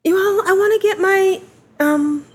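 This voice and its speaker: A woman's voice: very high-pitched, unhurried. A woman co-hosting a casual gaming podcast, chatty and giggly, wandering through her story. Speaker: podcast co-host.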